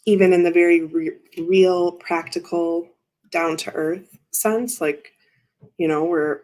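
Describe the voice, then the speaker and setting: The host of this casual tarot livestream is a woman whose voice is on the low side and a bit mellow. She reads tarot while rambling, breaking into her own sentences to address viewers in chat.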